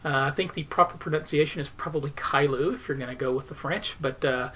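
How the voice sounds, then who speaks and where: Person rambling about a board game, lots of uhs, bit husky. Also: medium pitch, quick pace, fairly bright tone. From United States. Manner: hesitant, lots of "uh" fillers. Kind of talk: casual recap to camera.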